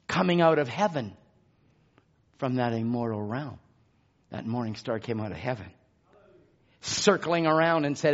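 A man preaching a fervent revival sermon, dropping to a hushed murmur and rising to ringing shouts. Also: medium pitch, expressive, moderate pace, long pauses. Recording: dull lo-fi tape recording.

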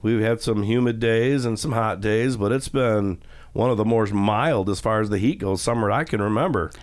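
A man's voice: lowish voice, moderate pace. A middle-aged man hosting a radio show, chatting casually and joking in a rambling, self-mocking way. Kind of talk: casual studio banter. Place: radio studio.

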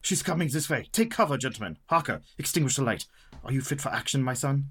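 An actor playing a stern, wise professor who hunts vampires, formal and commanding, in radio drama style. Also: male voice, medium pitch, expressive, fast, a bit bright, slightly rough.

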